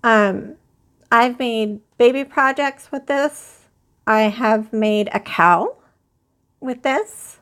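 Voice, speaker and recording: Slow, chatty woman hosting a crochet stream. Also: fairly high pitch, fairly bright tone, smooth. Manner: chatty, rambling, addresses live chat viewers. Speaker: crochet channel host. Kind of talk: casual live-stream chat.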